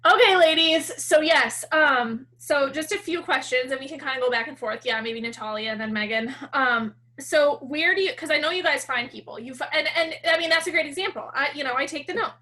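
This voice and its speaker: A woman's voice: high voice, fairly quick, hardly any pauses, pushed and bright. A woman hosting a team call, enthusiastic and effusive as she moves to questions. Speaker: call host.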